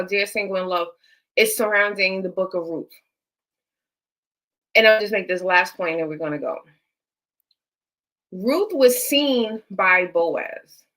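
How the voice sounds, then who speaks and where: A woman's voice: on the high side, a bit bright, low-quality recording. A woman hosting a live stream, giving faith-based, motivational dating advice with an emphatic, repetitive, preacher-like cadence and features.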